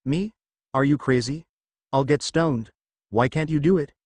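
A man's voice: fairly high pitch, a little slow, darkish tone, no room sound. A man reading the lines of a sheepish, wisecracking teenage boy in a fan fiction story, in a joking, apologetic manner.

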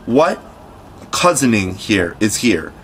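A man's voice: on the low side, very animated, takes it slowly, a little hiss or hum. A man voicing a proud, brooding pirate captain in a storybook reading, with a theatrical, commanding delivery. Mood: enraged.

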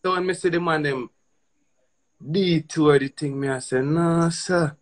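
A man with a Jamaican accent in a casual patois chat, easygoing and quick to laugh. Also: fairly high pitch.

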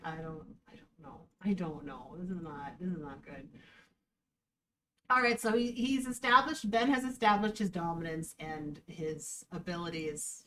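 A woman dog trainer giving casual reaction commentary, animated and sarcastic, often breaking into laughter. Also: medium pitch, recorded from a distance, slight background noise, low-quality recording.

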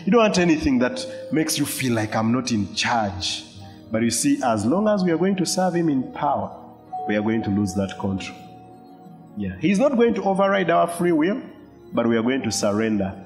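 A man preaches a sermon in a long-reverb church hall. He tells a personal story animatedly, voicing other people and adding asides, then drops to quiet, earnest teaching. Faint music sits in the background. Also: fairly high pitch, big pitch swings, brisk. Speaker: pastor.

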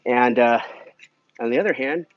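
A Christian vlogger with a mid-range voice at normal speed answers a viewer comment while walking through an indoor pool area. He speaks earnestly and casually, offering encouragement with lots of "man" and "you know." The recording is dull and lo-fi.

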